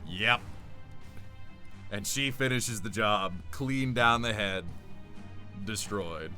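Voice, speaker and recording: A man narrating as game master in a relaxed, rambling way with many fillers. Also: lowish voice, takes it slowly, faint music behind.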